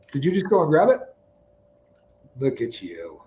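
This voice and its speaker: Animated storytelling man, lo-fi stream audio. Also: on the high side, brisk, slight background noise. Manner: animated, acts out dialogue in quotes. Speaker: co-host of a livestream. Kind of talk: casual storytelling chat.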